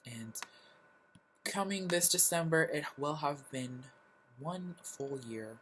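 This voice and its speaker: Young adult vlogger, slow and halting, sighs between phrases, faint background hum. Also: mid-range voice, lively intonation, fairly bright tone, rough recording. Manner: halting, sighing, lots of fillers. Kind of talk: personal confessional vlog.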